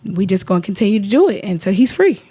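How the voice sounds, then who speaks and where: A woman's voice: medium pitch, sing-song, quick pace, mellow, slightly rough. Impassioned woman. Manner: impassioned, defiant, retells others' words. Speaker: guest. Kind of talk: emotional interview.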